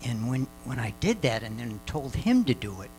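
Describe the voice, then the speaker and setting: An older man gives a rambling church testimony, circling back with fillers and restarts. His voice swings widely in pitch as he talks. Faint music plays behind him. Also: very animated, moderate pace, darkish tone, rough recording. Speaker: mission trip speaker.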